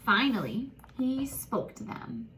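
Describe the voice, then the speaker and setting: Animated woman reading a children's story. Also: a little high, slow pace, gravelly, a little hiss or hum. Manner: animated, gasping, talks to listeners as friends. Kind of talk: expressive children's story read-aloud.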